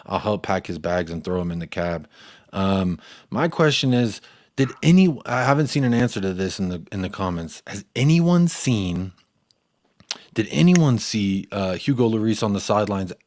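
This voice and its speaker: A man's voice: fairly low pitch, lively intonation, moderate pace, darkish tone, dry recording. A man hosting a football fan show, chatting casually and rambling, sometimes losing his train of thought and swearing. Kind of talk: casual post-match fan chat.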